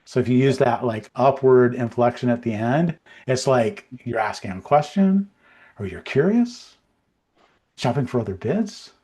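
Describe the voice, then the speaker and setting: Podcast co-host, male, casual and meandering, average pitch, lots of filler. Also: normal speed. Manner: relaxed, rambling, many fillers and restarts.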